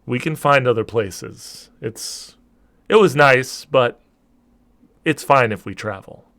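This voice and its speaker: Man playing a steady giant matriarch, hardy, proud, smooth voice, tabletop game. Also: medium pitch, slow pace, no room sound. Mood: resolute.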